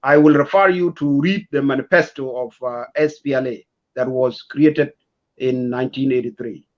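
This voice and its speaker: A man speaking as a talk show guest, measured and hesitant with many fillers. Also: medium pitch, lo-fi sound.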